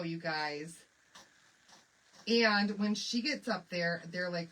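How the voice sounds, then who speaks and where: A woman hosting a craft livestream, telling stories in an animated, confiding way and talking to commenters by name. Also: lowish voice, slow pace, distant mic, poor audio. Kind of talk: chatty storytelling while demonstrating a craft.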